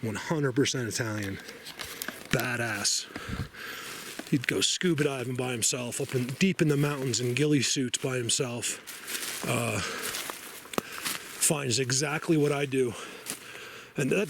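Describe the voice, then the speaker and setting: A man vlogging outdoors in a forest, talking casually to camera in an excitable, rambling way and laughing often. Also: mid-range voice.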